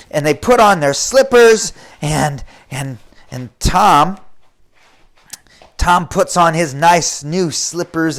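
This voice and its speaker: Animated male children's storyteller. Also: fairly high pitch. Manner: animated, addresses the children directly. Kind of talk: reading a children's story aloud.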